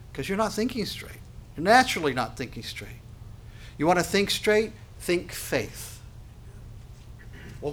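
A man preaching a sermon, emphatic and full of rhetorical questions, swinging from quiet to loud. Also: fairly high pitch. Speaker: pastor.

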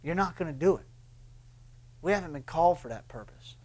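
A man preaching a sermon, swinging between loud impassioned bursts and hushed, intense lines. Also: fairly high pitch, lively intonation, a little fast. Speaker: pastor.

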